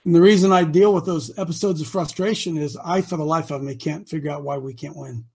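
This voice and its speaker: A man leading a group as their coach, preaching with passion, often stammering over his words and sometimes shouting. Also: fairly high pitch, fairly even intonation, fast talker, creaky, slightly rough. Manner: impassioned, stammering restarts, shouts at times. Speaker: group leader called Coach.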